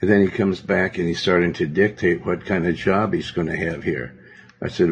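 A man's voice: low voice, fairly even intonation, normal speed, husky. A male pastor preaching a sermon in a domineering, rambling way, full of fillers. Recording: dull lo-fi recording.

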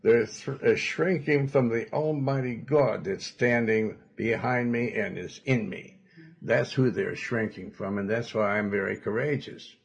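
A man preaching a sermon as pastor, quoting scripture in old-fashioned wording, with sudden loud emphatic bursts. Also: medium pitch, a little slow, vocal fry, lo-fi sound.

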